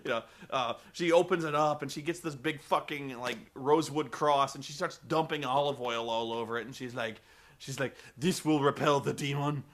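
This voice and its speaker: A man's voice: medium pitch, moderate pace, a bit bright. A man giving a comedic film review in a rambling, profane way, full of fillers.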